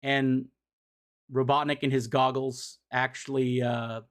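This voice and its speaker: A man's voice: mid-range voice, little pitch movement, takes it slowly. A young adult man recapping comic books in a loose, profane, filler-heavy way as a streamer. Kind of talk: casual chat.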